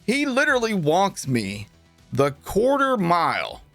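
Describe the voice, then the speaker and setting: A man with a gravelly, fry-laden voice chats to his stream audience, jumping between voices for the people in his story. The sound is close and dry, with faint game music underneath. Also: high voice, unhurried, no echo. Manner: animated, laughing, acts out quotes. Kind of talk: casual storytelling to chat while gaming.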